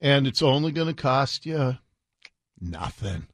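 A man's voice: sing-song, a little slow, fairly bright tone, dry recording, studio quality. A man in his fifties hosting talk radio, mocking and sarcastic in his commentary. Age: 50s. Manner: sarcastic, mocking, swings in pitch. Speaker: radio host.

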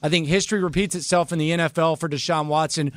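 A man's voice: fairly high pitch, steady tone, fast, fairly bright tone, no echo. A man co-hosting sports talk radio, emphatic and repeating his bold prediction.

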